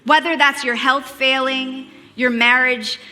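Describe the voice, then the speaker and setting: Woman preaching, bright kinda high voice, funny family stories, big hall echo. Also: steady tone, unhurried. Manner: earnest, storytelling, wry humor. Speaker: speaker. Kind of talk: sermon with personal stories.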